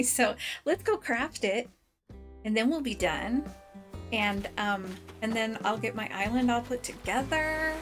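Brief: woman, high voice, unhurried delivery, bubbly let's play commentary, faint game music behind. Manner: bubbly, excitable, chatty with viewers. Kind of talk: cheerful gameplay commentary.

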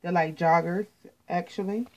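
A woman's voice: lowish voice, steady tone, moderate pace, a little mellow, rough recording. An American woman chatting casually to viewers as she shows off her latest clothing haul, repeating words and often saying "you guys.". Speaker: fashion vlogger.

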